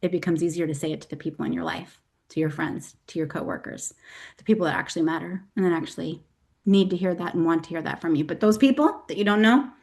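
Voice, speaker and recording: A woman's voice: on the low side, fast talker, creaky. A middle-aged woman hosting a motivational talk, earnest and emotional as she tells stories to her listeners. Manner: earnest, emotional, animated storytelling. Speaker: host.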